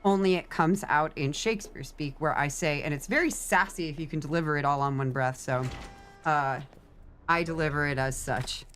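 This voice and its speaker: A woman's voice: low voice, normal speed, fairly bright tone, soft background music. A tired young woman, a theater actor, explaining Shakespeare in sassy casual chat, with casual swearing. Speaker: guest on a game stream, theater actor.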